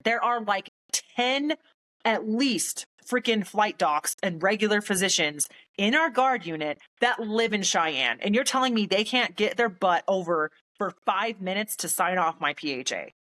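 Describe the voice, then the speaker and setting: A woman guest on a podcast, casually telling a story in a blunt, animated way, swearing freely and acting out what others said. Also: medium pitch. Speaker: podcast guest, military veteran.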